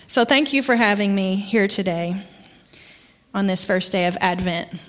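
A woman's voice: medium pitch, fairly even intonation. A middle-aged woman with an Arkansas accent, giving a sermon as a guest preacher, in a conversational storytelling manner. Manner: warm, conversational storytelling with pauses. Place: church sanctuary. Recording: long church reverb.

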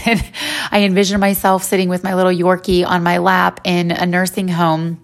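A woman's voice: fairly low pitch, completely flat delivery, normal speed. A woman in her forties giving a faith-based personal talk in a conversational way, with many "you know" fillers. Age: 40s.

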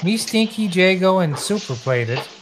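A man's voice: sits high, lively intonation, normal speed, background noise. A man in a casual group chat who argues his point emphatically and swears bluntly.

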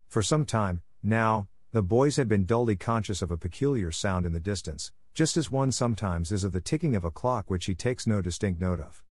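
A man narrating a classic novel in a measured, expressive storybook reading. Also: lowish voice, breathy edge, no room sound, studio quality. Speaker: audiobook narrator.

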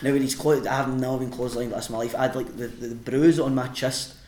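A man's voice: mid-range voice, fairly even intonation, fast talker, a little mellow, roomy sound, a little hiss or hum. A man, a podcast guest and wrestler, telling a sweary anecdote with frequent laughs. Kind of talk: casual storytelling.

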